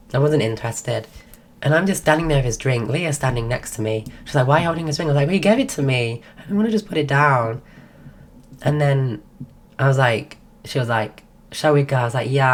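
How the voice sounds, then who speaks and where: A woman with a strikingly deep voice tells a long, rambling story on a stream, full of "like" and false starts. She is sick and her voice is going. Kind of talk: casual storytelling.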